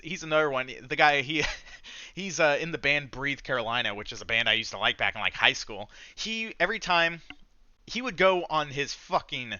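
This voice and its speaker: A young man hosting a trading channel, talking casually over charts in an animated, profane, mocking way. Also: fairly high pitch, normal speed, dry recording. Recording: dull, dry lo-fi sound.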